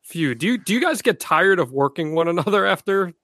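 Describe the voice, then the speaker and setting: A man's voice: high-pitched, expressive, brisk, bright, forceful tone, no room sound, studio quality. A man hosting a podcast who keeps the conversation going with short, conversational questions and prompts. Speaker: podcast host. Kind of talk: interview questions.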